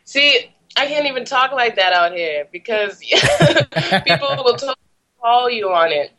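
A woman's voice: on the high side, expressive, a little slow, a crowd in the background. A young woman from the Boston area, a musician guest, chatting casually with frequent laughs and fillers. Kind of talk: casual interview chat.

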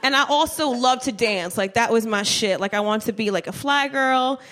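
High-pitched jersey woman doing stand-up, brash, swears a lot, giggly. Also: normal speed, a bit bright. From New Jersey, USA. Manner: brash, profane, giggly storytelling. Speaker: stand-up comedian. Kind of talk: live stand-up set. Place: comedy stage before a live audience.

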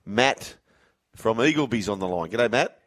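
Matey Australian radio host, low-voiced. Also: male voice, animated, unhurried, a bit bright. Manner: jokey, matey, reads out texts. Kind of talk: casual sports radio banter.

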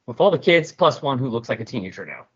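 A man casually recapping a comic story with jokey, animated storytelling. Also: mid-range voice, quick pace, breathy edge. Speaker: podcast host. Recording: dull lo-fi recording.

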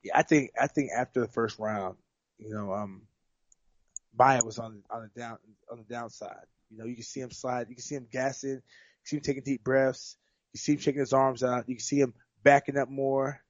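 A man's voice: mid-range voice, steady tone, normal speed, dry recording, lo-fi sound. A man, a fighter, breaking down a bout in casual sports chat, rambling and restarting his sentences often. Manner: rambling, repeats words and restarts. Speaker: fighter guest.

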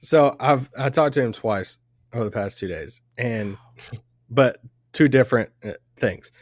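A man co-hosting a podcast live on site at an event venue rambles through a story, chatting casually with frequent laughs and restarts. He speaks a little slowly in a mid-range voice, and the recording is dry and clean like a studio's.

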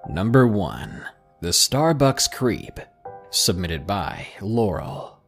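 A man narrating scary first-person stories in a dramatic, expressive podcast style. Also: low voice, slow pace, gravelly, soft background music. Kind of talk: scripted horror story narration.

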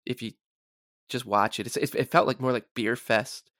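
A man's voice: mid-range voice, steady tone, normal speed, a bit bright, no room sound, clean studio sound. A man chatting as a guest on a casual sports podcast, rambling and stumbling over repeated words.

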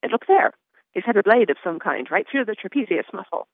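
A woman reading aloud and voicing a fierce young English nurse who gives sharp, commanding orders. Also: medium pitch, sing-song, a little fast, no echo, pitched above the performer's own voice. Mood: fierce, indignant. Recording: tinny phone-like line.

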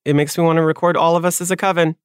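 Earnest, halting man in casual chat. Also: fairly high pitch, little pitch movement, clear, resonant tone, dry recording, clean studio sound. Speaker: player.

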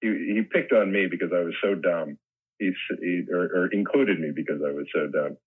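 A very deep, husky man in his sixties tells long, rambling stories as an interview guest. His low voice breaks into chuckles between restarts. It comes through a thin, phone-like line. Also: fairly quick. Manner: rambling anecdotes with laughter and restarts. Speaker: guest actor. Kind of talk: casual interview storytelling.

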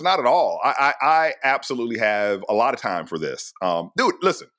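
Animated male guest storyteller. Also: mid-range voice, a little fast. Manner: animated, street-casual storyteller. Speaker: guest, scientist. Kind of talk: casual interview storytelling.

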